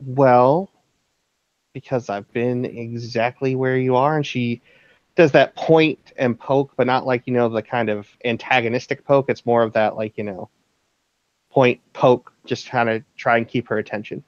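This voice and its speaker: A man voicing a calm, seasoned female werewolf mentor who speaks patiently and reassuringly. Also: mid-range voice, measured pace, no echo, lightly acted. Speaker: game master. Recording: dull dry lo-fi recording.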